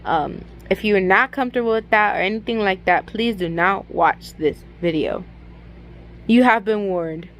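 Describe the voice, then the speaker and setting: A woman's voice: medium pitch, moderate pace. Young woman, casual fanfic reader, chatty and filler-heavy, home mic with light background noise. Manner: chatty, giggly, lots of fillers. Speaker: fanfic reader and channel host. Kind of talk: casual chat and reading a fanfic aloud.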